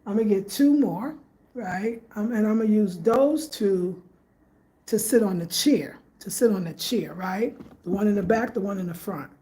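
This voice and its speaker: A woman's voice: mid-range voice, normal speed, warm tone. A woman chatting casually in a home design vlog, thinking aloud as she shows her living room and often repeats herself. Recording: echoey room, faint room noise.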